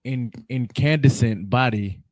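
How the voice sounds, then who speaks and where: A man's voice: mid-range voice, measured pace, darkish tone, no echo. A man in a class carefully reading a dictionary definition aloud.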